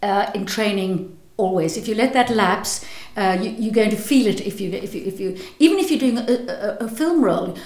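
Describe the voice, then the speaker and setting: A woman actress explains her craft in a thoughtful, articulate way, repeating words as she gathers her thoughts. Her voice sits at a middle pitch. The room around her is noticeably echoey. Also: normal speed, hardly any pauses, darkish tone. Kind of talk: interview answers.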